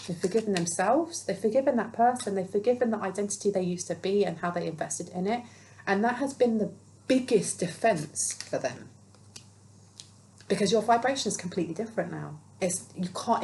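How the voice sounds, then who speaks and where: A woman's voice: medium pitch, dark tone, a little hiss or hum, rough recording. A woman talking earnestly and reassuringly through a spiritual tarot reading, now and then acting out quoted voices. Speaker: tarot reader.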